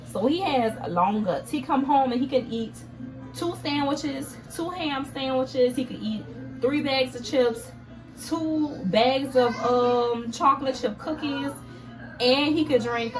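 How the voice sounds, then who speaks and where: Rambly young woman vlogging at home, kinda high voice, music playing in the background. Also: low-quality recording. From Louisiana, USA. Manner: chatty, rambling, with many fillers. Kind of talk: casual vlog chat.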